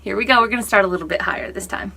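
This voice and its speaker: A young adult woman teaching a vocal warm-up lesson in an upbeat coaching manner. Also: mid-range voice, rapid-fire, creaky. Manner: upbeat, coaching, demonstrates sounds. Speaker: online English teacher.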